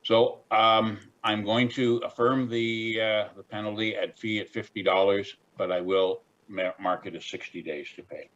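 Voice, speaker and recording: Brief: male hearing officer, fairly low voice, folksy and measured, lo-fi call audio. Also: fairly even intonation, a bit bright. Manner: plain-spoken, folksy, measured. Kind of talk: presiding over a hearing.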